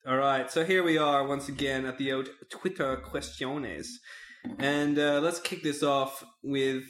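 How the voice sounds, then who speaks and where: Podcast host in an echoey room. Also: male voice, medium pitch, steady tone, measured pace, a bit bright. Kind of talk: casual podcast chat.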